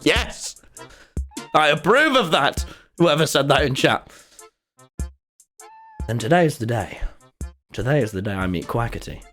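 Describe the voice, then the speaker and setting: A young man, telling a rambling, animated story to his live-stream chat and swearing freely. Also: mid-range voice, measured pace, long pauses, faint music behind. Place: home streaming room.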